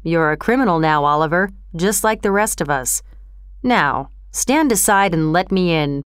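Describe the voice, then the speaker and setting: A woman voicing a cold, ruthless adult male burglar who speaks in a low, slow, threatening way. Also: expressive, clean tone, no room sound, clean studio sound, lightly acted. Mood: menacing.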